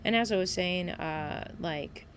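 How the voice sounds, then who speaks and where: A woman's voice: fairly low pitch, unhurried, background noise. A woman casually narrating her own gameplay at home, rambling and chatty, often correcting herself.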